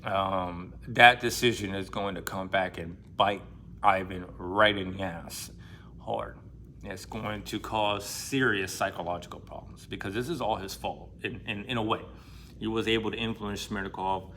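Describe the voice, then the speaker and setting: A man casually retelling a novel, swearing freely and acting out characters' lines with excitement. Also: low-pitched, moderate pace, a little hiss or hum. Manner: profane, excitable, acts out quoted lines in a raised voice. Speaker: book vlogger.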